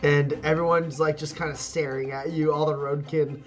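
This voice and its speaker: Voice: mid-range voice, little pitch movement, normal speed, soft background music. A game master narrating a tabletop game in a loose, rambling way, full of fillers and laughter.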